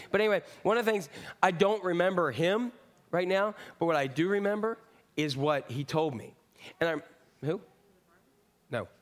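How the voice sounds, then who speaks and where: A middle-aged man preaching a sermon in a conversational, rambling way with asides and jokes. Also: a little high. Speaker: pastor.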